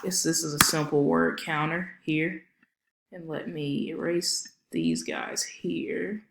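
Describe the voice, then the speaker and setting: A woman's voice: deep voice, expressive, slow pace, vocal fry, fairly bright tone, roomy sound, a little hiss or hum. A woman consultant giving a casual screen-share walkthrough of a website, chatty and friendly with lots of filler ums. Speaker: marketing consultant.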